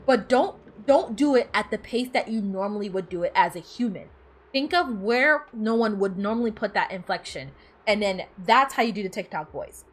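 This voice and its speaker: A woman streamer with a medium-pitched, animated voice chats casually at normal speed while playing a game. She reads the game text aloud and laughs easily.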